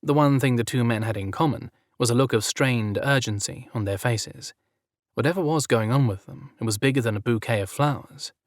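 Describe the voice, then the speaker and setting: A man narrating a romance audiobook at a measured, even pace. His voice sits in a middle pitch. The recording is dry and close to the mic. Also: no echo.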